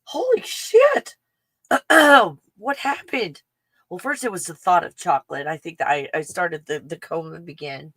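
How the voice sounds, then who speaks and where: A woman in her forties hosting a casual solo livestream, rambling excitedly and swinging between hushed asides and loud outbursts. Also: fairly low pitch, moderate pace, dry recording, poor audio. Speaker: livestream host.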